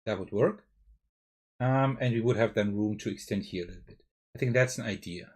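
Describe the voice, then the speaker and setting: A man with a German accent, streaming live and thinking aloud through a card game, often checking with a quick "right?". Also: lowish voice, a little mellow, husky. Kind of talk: live-stream gameplay commentary.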